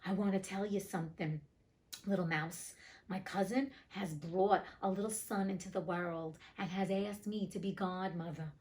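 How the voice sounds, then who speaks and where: A greedy, lying female cat from a storybook, smooth and coaxing as she spins her excuses, read by a woman. She stays cool and offhand even when questioned, with only a slight lift above a plain reading voice. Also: fairly low pitch, normal speed, close to an everyday voice. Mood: sly. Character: sly scheming female cat, greedy liar.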